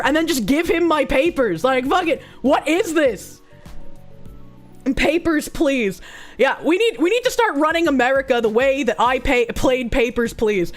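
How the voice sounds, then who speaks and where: A high-pitched woman streamer rants bluntly with plenty of swearing and dry sarcasm. She reads news out loud and reacts to it, stopping to thank chat for subs. Soft music plays faintly behind her. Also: expressive, a little slow. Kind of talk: livestream reading and reacting to news.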